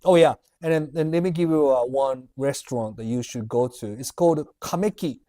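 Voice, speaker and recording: A warm, medium-pitched male voice moves a little fast as he runs a casual livestream Q&A. He reads the audience's questions out loud, laughs and rambles on chattily.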